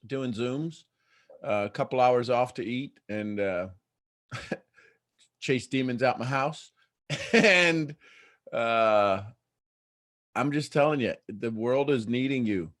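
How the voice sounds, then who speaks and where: Laughing, animated male livestream host. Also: medium pitch, slow pace, pauses often. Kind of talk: casual livestream talk.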